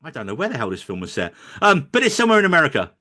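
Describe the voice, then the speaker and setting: Animated joking man reviewing films. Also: a little high, very fast. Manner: joking, animated, quotes others in mock voices. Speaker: podcast co-host. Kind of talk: casual film review chat.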